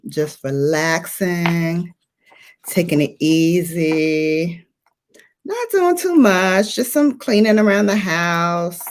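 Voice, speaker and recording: A woman hosting a beauty livestream, chatting playfully and greeting viewers by name. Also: on the low side. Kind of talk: casual livestream chat.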